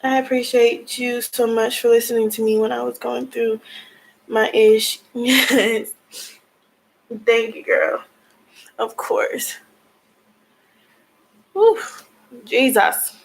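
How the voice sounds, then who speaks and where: High-voiced woman venting tearfully. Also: steady tone, takes it slowly, gravelly, long pauses, low-quality recording. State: crying at times. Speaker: vlogger. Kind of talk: emotional personal vlog talk.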